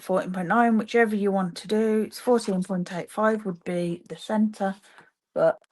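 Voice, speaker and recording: A woman's voice: medium pitch, a little mellow. A woman demonstrating card making on a live stream from her home craft room, chatting to viewers as she works. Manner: chatty, talks to viewers while working. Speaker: papercraft demonstrator.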